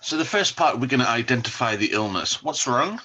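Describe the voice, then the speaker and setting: A man teaching an English vocabulary lesson, saying each word slowly and repeating it for learners to copy. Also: medium pitch, big pitch swings, sharp tone.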